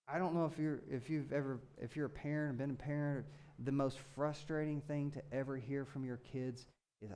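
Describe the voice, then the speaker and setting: A male pastor preaching with a high, smooth and resonant voice. He talks in an animated way, shouting with excitement at one moment and dropping low and quiet the next. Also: moderate pace. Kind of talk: sermon.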